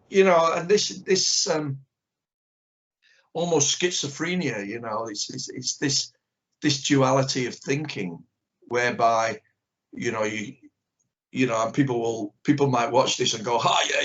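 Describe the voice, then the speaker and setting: An older man, a karate teacher, talks unhurriedly in a mid-range voice, leaving long pauses. Interviewed over a video call with dull lo-fi audio, he gives blunt, strongly opinionated answers and acts out short exchanges in a candid conversation.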